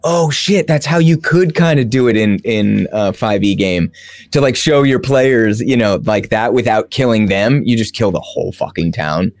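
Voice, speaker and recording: A man's voice: lowish voice, normal speed, no room sound. A man co-hosting a casual podcast chat about tabletop games. He laughs a lot, talks loosely, and swears casually. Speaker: podcast co-host.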